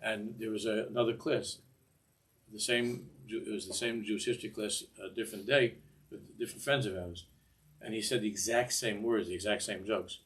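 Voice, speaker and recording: A man's voice: on the low side, steady tone, fairly quick. Older man giving a rambling Torah class. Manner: discursive, repeats words, mixes Hebrew phrases. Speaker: Torah teacher.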